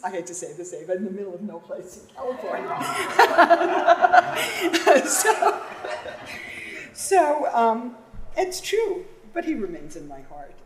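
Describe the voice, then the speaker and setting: Middle-aged woman, low voice with lots of movement, tribute speech, echoey lecture hall. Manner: warm anecdotal, laughing often. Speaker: conference panelist. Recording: echoey hall, faint room noise.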